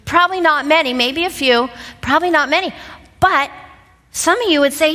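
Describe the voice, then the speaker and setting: A woman in her fifties giving a motivational talk on stage, an animated storyteller who laughs often. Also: high-pitched, moderate pace, long reverb tail. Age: 50s. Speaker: seminar speaker. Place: stage in a large event hall. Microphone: lapel mic.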